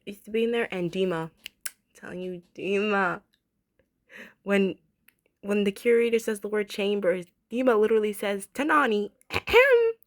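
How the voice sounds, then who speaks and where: A woman in her twenties reviewing a cartoon episode in a casual, excitable way, gushing and repeating herself as she talks. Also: medium pitch, moderate pace, pauses often.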